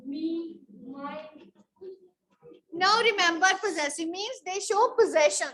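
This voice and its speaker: A woman's voice: very high voice, takes it slowly, a bit bright, poor audio. A woman teacher giving a grammar lesson in a school classroom. She asks a question, answers it, and repeats it as a drill, calling on students by name.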